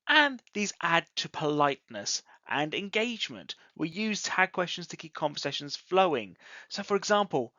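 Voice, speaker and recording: An English teacher giving a scripted online grammar lesson, deliberately acting out example sentences with exaggerated rising and falling intonation. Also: mid-range voice, very animated, bright, forceful tone, no echo. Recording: dull lo-fi audio, dry close sound.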